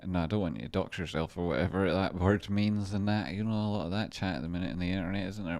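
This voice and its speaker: A man with a deep, low voice talks casually on a live stream, answering his chat and wandering through his points in a loose, rambling way. He sounds relaxed and chatty, restarting and circling back as he goes. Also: quick pace, hardly any pauses. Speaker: livestream host doing stock chart analysis.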